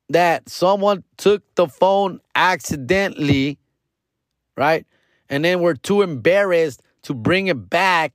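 Brief: male host, higher pitch, dry close sound, excited profane storyteller. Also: no echo. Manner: profane, slangy, code-switching into Spanish; rambling, excited retelling. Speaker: podcast host. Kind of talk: casual storytelling.

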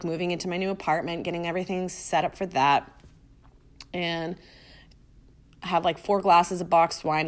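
A woman hosting her own podcast, telling a personal story in a casual, chatty way full of fillers. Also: fairly low pitch. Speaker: podcast host.

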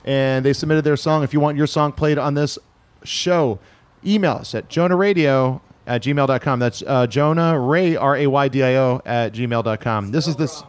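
A man's voice: mid-range voice, moderate pace, clear, resonant tone. A man hosting a podcast, chatting casually and reading out show announcements. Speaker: podcast host.

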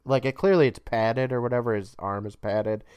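A man's voice: mid-range voice, steady tone, fairly quick, a little mellow, clear, resonant tone, no echo. A man co-hosting a podcast, recapping a show casually, swearing freely and laughing often. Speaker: podcast co-host.

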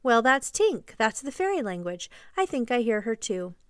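A woman's voice: on the high side, very animated, moderate pace, clean tone, dry recording, studio quality. A woman voicing an eager, boastful young boy who refuses to grow up, in a storybook reading. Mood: cocky.

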